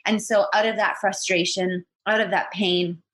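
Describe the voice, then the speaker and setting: A woman's voice: mid-range voice, steady tone, normal speed, fairly bright tone. A woman in her thirties, a podcast guest telling a personal story in a candid, earnest way. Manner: earnest and candid, acts out what people said.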